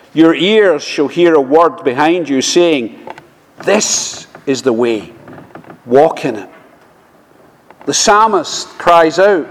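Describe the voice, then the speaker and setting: A man preaching a sermon, speaking slowly and measuredly, often quoting scripture. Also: fairly high pitch. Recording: long reverb of a large hall.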